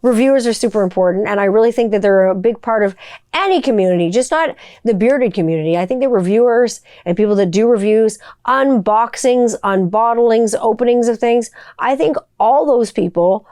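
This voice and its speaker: A woman's voice: fairly high pitch, a little fast, warm tone, no room sound, studio quality. A middle-aged woman hosting a podcast, ranting bluntly with lots of swearing and rhetorical questions. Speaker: podcast host. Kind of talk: profane ranting monologue.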